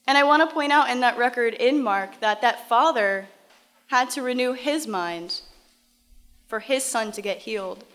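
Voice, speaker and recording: A woman's voice: on the high side, normal speed, a bit bright. A woman teaching from the Bible, reading verses aloud and then explaining them in a casual, conversational way.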